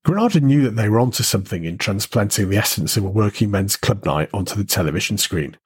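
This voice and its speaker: A man hosting and narrating a retro show, speaking in a measured storytelling way with rhetorical questions. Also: fairly low pitch, animated, slightly rough. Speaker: host and narrator. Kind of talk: scripted narration.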